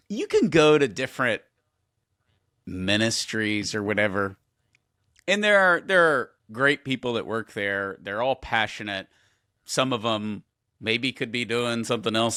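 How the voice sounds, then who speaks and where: Animated man on a dry podcast mic. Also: no room sound. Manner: animated storyteller, jumps in pitch when excited. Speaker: podcast co-host. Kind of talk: casual podcast conversation.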